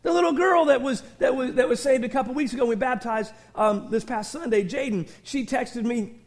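A middle-aged man with a strikingly high voice preaches with fervor. He leaps from shouted declarations to soft, hushed asides, restarting and repeating words as the conviction builds. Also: a little fast. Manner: impassioned preaching, swinging from shouts to hushed tones. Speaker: pastor. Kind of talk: sermon.

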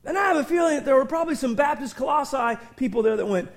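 Middle-aged male pastor, very high voice, fervent sermon delivery, shouts then drops to near-whisper, repeats words for emphasis. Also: quick pace, few pauses. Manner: impassioned preaching, swinging from shouts to hushed tones; repeats and restarts words in fervor.

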